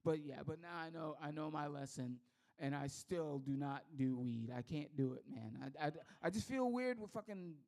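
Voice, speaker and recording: A man's voice: fairly high pitch, lively intonation, normal speed, darkish tone. A man from Texas doing a rambling, profane, self-mocking stand-up set. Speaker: stand-up comedian.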